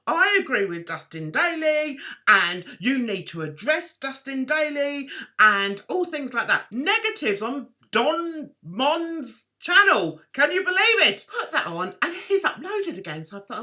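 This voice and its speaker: A woman vlogging her opinions in an animated, indignant, chatty way, with sudden outbursts. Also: high-pitched, measured pace. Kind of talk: opinionated commentary vlog.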